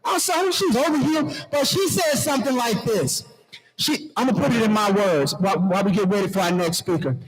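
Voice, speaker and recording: A man's voice: sits high, animated, fairly quick, husky, rough recording. A man emceeing a conference from the stage, playful and preachy, talking straight to the crowd. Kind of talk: lively stage emcee talk. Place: conference hall.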